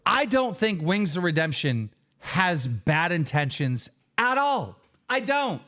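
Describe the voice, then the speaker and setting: A man's voice: sits high, sing-song, slow, pushed and bright. A man hosting a live stream, reacting to clips in a heated, profane rant and often repeating himself.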